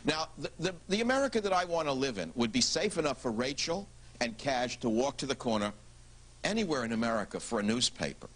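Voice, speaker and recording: Man, TV talk show host, blunt, emphatic, rhetorical questions, mid pitch. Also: sing-song, a little fast.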